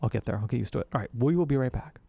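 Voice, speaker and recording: Chatty gravelly-voiced male streamer. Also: medium pitch, animated, rapid-fire, warm tone. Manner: chatty, joking, many fillers. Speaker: livestreamer. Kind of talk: casual livestream chat.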